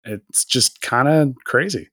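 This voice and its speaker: A man's voice: medium pitch, expressive, slow, fairly bright tone, breathy edge, no echo, clean studio sound. A man co-hosting a podcast, recapping an episode in casual chat, rambling and joking with plenty of fillers. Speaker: podcast co-host.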